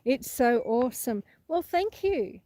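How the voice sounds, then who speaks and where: A high-pitched Australian woman talks casually to her live viewers as she walks a rural paddock. She rambles, laughs easily and stops to answer the chat. The outdoor recording has steady, clearly audible noise behind her voice. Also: unhurried. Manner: chatty and rambling, laughs often, reads out and answers chat comments. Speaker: homestead vlogger hosting a live stream. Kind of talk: casual live-stream chat while walking. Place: outdoors on a rural property, walking through a paddock.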